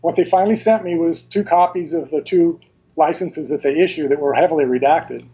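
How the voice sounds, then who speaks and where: Speaking as an interview guest, a man gives detailed, careful explanations, pausing and restarting haltingly. His voice leans high and sounds dark and husky, and the remote recording is dull and lo-fi.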